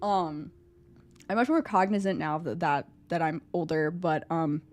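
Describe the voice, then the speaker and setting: A young woman streaming live, chatting casually with her chat and answering a quiz about herself, animated and at times breaking into loud high squeals. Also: unhurried. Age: young adult. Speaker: VTuber streamer.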